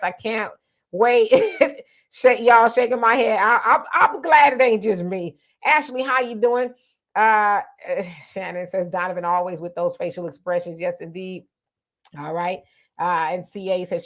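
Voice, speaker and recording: A woman's voice: medium pitch, fairly bright tone. A woman hosting a live online show, reading viewer comments aloud and greeting people by name, often laughing, with features. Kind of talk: casual live chat.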